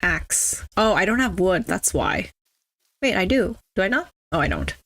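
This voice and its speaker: A woman's voice: medium pitch, wildly swooping pitch, normal speed, fairly bright tone, no echo. A young adult woman streaming a game, chatting casually and teasing her chat with mock-snobby banter. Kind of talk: casual live-stream chatter while gaming.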